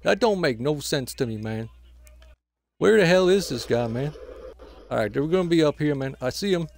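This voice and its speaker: A man's voice: fairly high pitch, lively intonation, moderate pace, gravelly, a little mellow, a little hiss or hum. Grumbling man commentating his game. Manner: grumbling and frustrated, ends nearly every phrase with "man"; swears and trash-talks opponents. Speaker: gameplay commentator filling in for the channel owner. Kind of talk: casual live gameplay commentary.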